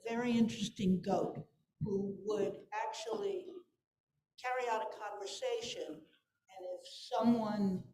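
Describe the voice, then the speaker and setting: A woman speaks quietly and haltingly in a group conversation. Her tone is mellow, and the room around her echoes. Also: mid-range voice. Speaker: participant. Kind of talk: casual group discussion.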